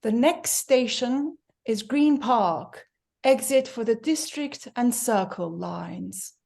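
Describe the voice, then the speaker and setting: A woman imitating a very posh female recorded station announcer, slow and prim. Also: on the high side, animated, creaky, a little mellow, exaggerated voice.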